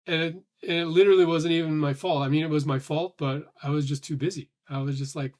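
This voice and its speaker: A man's voice: a little high, steady tone, fast talker. A man in a casual thinking-aloud monologue who talks in loose, rambling restarts with some swearing and sounds a little short of breath. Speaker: vlogger.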